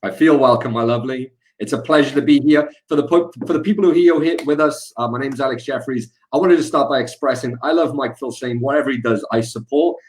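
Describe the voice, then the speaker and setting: A man in his thirties talks over a video call with a casual, fired-up energy. He speaks as a webinar guest, pumping up the audience between stories, with a pitch that sits in the middle for a man. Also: quick pace, few pauses. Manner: energetic, hype-building.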